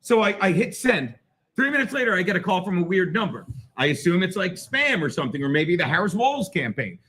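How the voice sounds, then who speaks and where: A man holds the floor on a live show, circling back with false starts and casual swearing. His voice sits high for a man. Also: big pitch swings, a little fast, fairly bright tone. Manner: rambling, many restarts, swearing. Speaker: host. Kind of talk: casual storytelling on a live stream. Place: bar in New York City.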